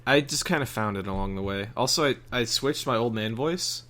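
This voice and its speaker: A young man co-hosting a podcast, chatting in a playful, animated way and swearing freely. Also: medium pitch, brisk. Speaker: podcast co-host. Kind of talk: casual chat.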